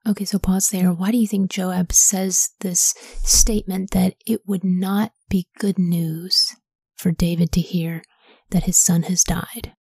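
A woman hosting a Bible podcast, reading scripture in a soft whisper and pausing to ask reflective study questions. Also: on the low side, little pitch movement, vocal fry, husky, no echo, clean studio sound.

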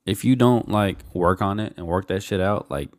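A laid-back American man chatting on a podcast, with a lowish voice. The recording is close and dry, and his speech is loose and full of filler words. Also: moderate pace, no echo. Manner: laid-back, says "like" a lot. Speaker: podcast co-host. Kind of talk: casual chat.

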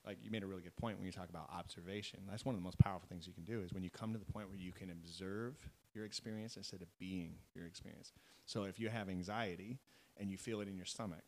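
A man with a deep, steady voice talks quickly, his tone a little mellow, over slight background noise in a rough recording. He's a mental coach for athletes appearing as a podcast guest, explaining things earnestly and constantly checking in with "right?" and "you know?".

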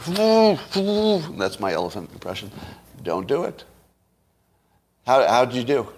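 A middle-aged man talks straight to his audience, needling them with rhetorical questions and dry sarcasm. His voice sits at an ordinary middle pitch, and he chuckles at his own points. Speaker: commentator. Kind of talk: solo political commentary to camera.

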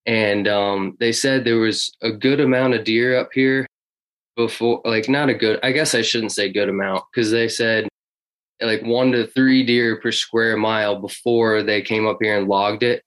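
A man's voice: lowish voice, fairly even intonation, measured pace, fairly bright tone, poor audio. A man talking casually about hunting history in an interview, rambling with many fillers and restarts. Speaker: hunting guest.

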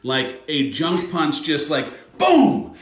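A man's voice: mid-range voice, expressive, normal speed, a bit bright, echoey room. Joking man telling a story. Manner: self-deprecating, comic storytelling. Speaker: podcast co-host. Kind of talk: casual chat.

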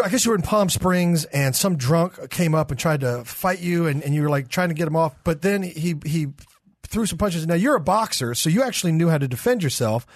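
A man hosting a casual chat show, talking in a hurried way with lots of "uh" fillers. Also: on the high side, dry recording, clean studio sound. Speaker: host.

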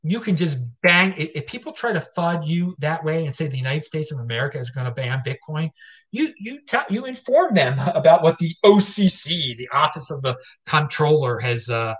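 A man's voice: on the high side, lively intonation, moderate pace, a bit bright, husky. A man hosting his own crypto show, ranting casually and emphatically, rambling with frequent repeats and tag questions. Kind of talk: casual opinion rant.

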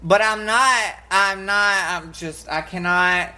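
A woman co-hosting a podcast in casual chat, brash and crude, telling stories loudly. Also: mid-range voice, slow. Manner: brash, crude and loud, animated storyteller. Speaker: podcast co-host.

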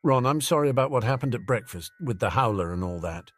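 A man voicing an anxious young girl who pleads softly and earnestly with her brother. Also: mid-range voice, animated, fast talker, dry recording, close to an everyday voice. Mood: tentative. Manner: soft, nervous, earnest pleading.

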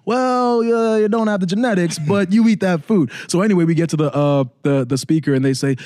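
A man in his thirties co-hosting a casual chat, telling animated stories and laughing often. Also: high voice, fairly quick, hardly any pauses, dry recording, clean studio sound. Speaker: podcast co-host.

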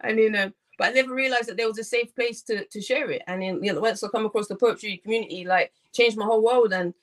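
A woman's voice: a little high, fast talker. A young woman, a poet and artist, chatting and joking as a guest on a video call, with lots of fillers. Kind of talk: casual interview over video call.

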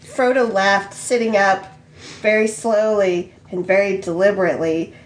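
A woman's voice: medium pitch, fairly even intonation, normal speed. A woman co-hosting a podcast, reading fan fiction aloud and often breaking into laughter. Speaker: podcast co-host.

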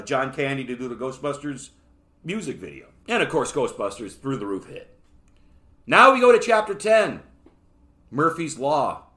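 Casual male podcast host, mid-pitched. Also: fairly bright tone. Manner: casual, rambling, joking asides. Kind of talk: solo podcast book review.

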